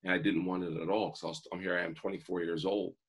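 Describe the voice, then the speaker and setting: A man's voice: sits low, level tone, fast, husky. A man in his forties, a guest telling his life story in an earnest, vivid way. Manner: earnest, vivid storyteller who acts out quotes. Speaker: guest, motivational speaker. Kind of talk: personal storytelling in an interview.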